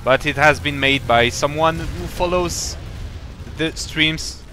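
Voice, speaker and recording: A man's voice: on the high side, slow pace, sharp tone, slight background noise. A man commentating a strategy game live, explaining in a rambling, playful way with many fillers and restarts. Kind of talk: casual live-stream commentary.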